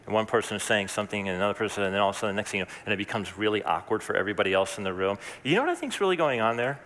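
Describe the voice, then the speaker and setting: A man's voice: lowish voice, animated, racing, a bit bright, in a large hall, a little hiss or hum. A man preaching a sermon as pastor, talking in a conversational, earnest way with asides and restarts.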